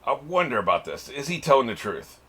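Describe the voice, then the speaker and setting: A man's voice: mid-range voice, big pitch swings, brisk, a bit bright, slightly rough. A man hosting a reaction channel, giving casual commentary on an anime episode, laughing often and swearing freely.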